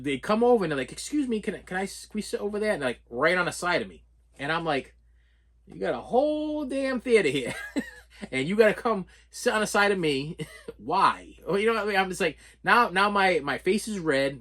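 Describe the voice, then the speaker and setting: A middle-aged man casually telling stories while unboxing movies, animated, laughing often and stumbling over repeated words. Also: on the high side, slightly rough. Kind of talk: casual storytelling vlog.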